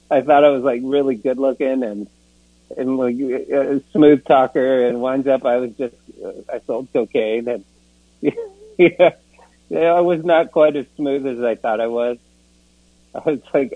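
A man's voice: mid-range voice, no room sound. Rambling, self-mocking man on a tinny line. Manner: rambling, self-deprecating, laughs often, many "you know"s. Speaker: speaker sharing at a recovery meeting. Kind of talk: personal recovery testimony. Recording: tinny phone-like dry sound.

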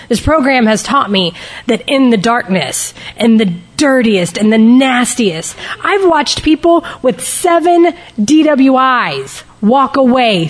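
Speaking at a fairly high pitch, a woman gives her personal testimony to a recovery group, candid and emotional, varying her pace to emphasize points.

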